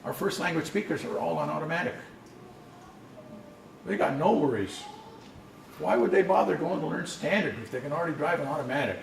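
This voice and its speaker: A man's voice: on the high side, gravelly. A man presenting a language workshop, explaining in a conversational storytelling way with frequent restarts. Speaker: language instructor. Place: conference session room. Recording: echoey room, distant mic, faint noise.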